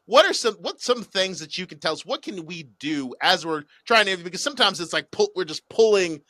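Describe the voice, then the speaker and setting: A man co-hosting a casual podcast, joking and animated as he spins stories. His voice is bright and forceful, a little higher than most men's. The sound is dry and close. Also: brisk, dry recording. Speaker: podcast co-host.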